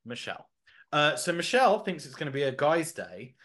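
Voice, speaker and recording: A man's voice: fairly high pitch, a little fast. A man hosting a casual podcast, rambling and joking with plenty of fillers. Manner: animated, jokey, rambling with fillers. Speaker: podcast host.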